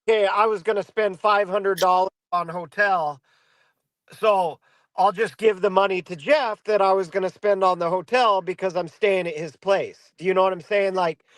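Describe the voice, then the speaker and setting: American man, higher voice, dry sound. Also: fairly even intonation, normal speed, a bit bright, no echo. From United States. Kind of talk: casual livestream chat.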